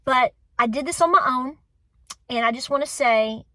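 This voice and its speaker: A woman in her forties with a Southern accent talks straight to her viewers in an emotional, encouraging homestead vlog, close to tears and repeating her points for emphasis. Her voice is bright and sits somewhat high. The sound is dry and close, with no room echo. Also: normal speed. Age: 40s. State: tearful. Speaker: homestead channel host. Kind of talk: heartfelt vlog talk to viewers.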